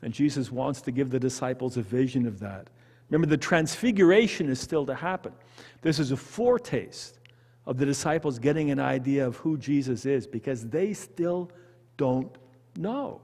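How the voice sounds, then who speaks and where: A man with a Canadian accent leading a church Bible study, talking in an animated, conversational way and putting questions to the group. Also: medium pitch, normal speed, breathy edge, in a large hall. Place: church hall.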